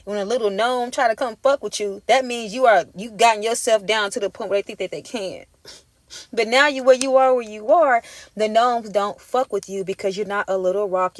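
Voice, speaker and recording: With a medium-pitched voice and no room sound, a woman reads tarot in a monologue that doubles as an emphatic pep talk, peppered with profanity and casual street slang.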